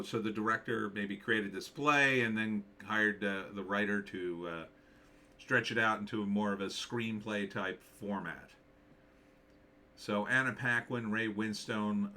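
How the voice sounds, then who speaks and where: A man's voice: fairly low pitch, pushed and bright. A man talking through a movie trailer in casual commentary, thinking aloud and rambling with many fillers. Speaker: screenwriter reviewing a movie trailer.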